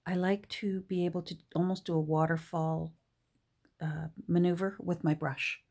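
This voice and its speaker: A woman talking casually through a crafting tutorial at her desk, soft-spoken and hesitant, with many fillers and restarts. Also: on the low side, level tone, normal speed. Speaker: junk journal crafter. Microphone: camera on the desk.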